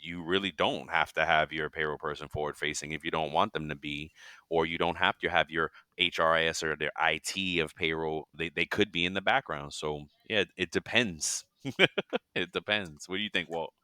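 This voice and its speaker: A man co-hosting a casual podcast chat, enthusiastic and quick to laugh. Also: extremely low pitch, fairly even intonation, bright, forceful tone, clean tone, no room sound, studio quality. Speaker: co-host.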